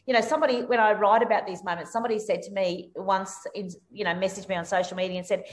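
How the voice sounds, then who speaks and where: A woman speaking as an interview guest, telling anecdotes animatedly over a video call. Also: fast. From Australia. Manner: animated storytelling, rises sharply in pitch for lively anecdotes. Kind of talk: conversational interview.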